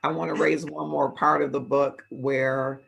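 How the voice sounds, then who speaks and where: A man hosting an interview, calm and affirming as he asks questions. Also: medium pitch, measured pace, gravelly, slightly rough. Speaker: interview host. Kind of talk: interviewing a guest.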